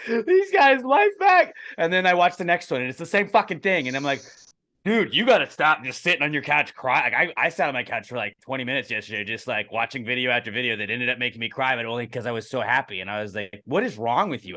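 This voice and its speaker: A young man co-hosting a podcast in casual chat, telling stories animatedly and jumping into high excited voices. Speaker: podcast co-host.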